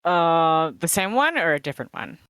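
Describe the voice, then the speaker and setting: A woman's voice: low-pitched, big pitch swings, moderate pace, a bit bright, smooth, no echo. A woman playing a tabletop game, talking in a playful, upbeat way. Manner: playful and upbeat, often laughing. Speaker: player.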